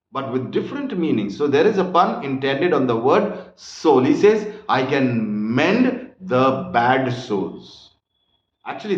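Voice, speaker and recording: Slow, lively Indian English teacher. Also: male voice, a little high. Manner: patient, explanatory, addresses students as children. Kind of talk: line-by-line literature lesson. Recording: roomy, dull lo-fi room recording.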